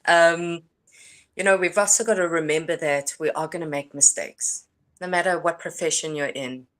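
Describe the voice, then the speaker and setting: Low-voiced calm woman co-hosting. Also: normal speed. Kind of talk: casual livestream chat.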